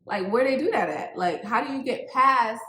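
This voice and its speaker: A woman co-hosting a casual recap chat about a reality show, emphatic and animated, often saying "like". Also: fairly high pitch, normal speed, slight background noise. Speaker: co-host. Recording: echoey room.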